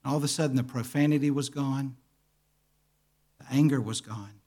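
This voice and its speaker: A man's voice: mid-range voice, moderate pace. A man preaching a sermon, telling a story vividly and acting out the dialogue. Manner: quiet, earnest. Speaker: pastor.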